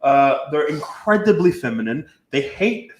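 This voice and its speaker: A man's voice: fairly high pitch, sing-song, a little slow, roomy sound, poor audio. A man telling crude stories in casual talk, blunt and swearing, acting out what people said. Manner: swearing, blunt, acts out quotes.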